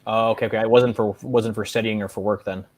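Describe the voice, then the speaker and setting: A man's voice: fairly low pitch, steady tone, fast talker, dry recording. A young man chatting as a guest on a video call, friendly and asking curious questions. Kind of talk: casual video chat.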